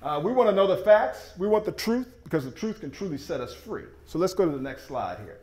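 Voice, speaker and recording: Animated man presenting in an echoey room. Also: sits high, fairly quick. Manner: enthusiastic, folksy, emphatic. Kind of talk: sales presentation with slides. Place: meeting room with audience.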